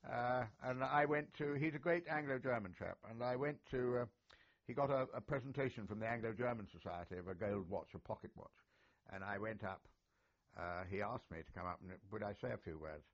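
A man's voice: medium pitch, brisk. An older man, a retired army officer reminiscing in an oral history interview, chatty and genial with many filler sounds. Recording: dull lo-fi recording.

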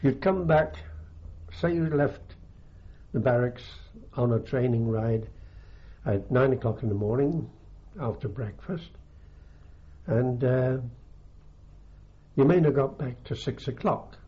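An older man with a halting, unhurried way of talking, full of ums and restarts, recalling his army days in an oral history interview. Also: medium pitch. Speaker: veteran interviewee. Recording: dull lo-fi archive tape.

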